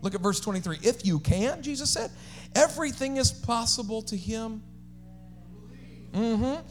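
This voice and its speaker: A man preaching a sermon as pastor, swinging between shouted, sing-song climaxes and quiet, conversational asides. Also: very high-pitched, unhurried, soft background music.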